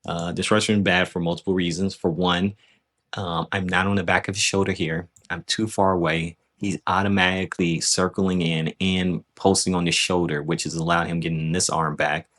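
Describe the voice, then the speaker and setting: A man's voice: low voice, little pitch movement, normal speed, a bit bright. A man casually breaking down footage of his own grappling match, loose and self-critical, often checking in with "right?".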